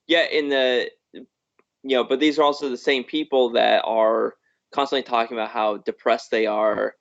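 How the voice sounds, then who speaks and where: A man co-hosting a casual film podcast at a mid-range pitch. He rambles and restarts, circling his point with frequent "you know"s. The audio is dull and lo-fi. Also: little pitch movement, normal speed, gravelly. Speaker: podcast co-host. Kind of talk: casual film review chat. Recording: muffled lo-fi live stream audio.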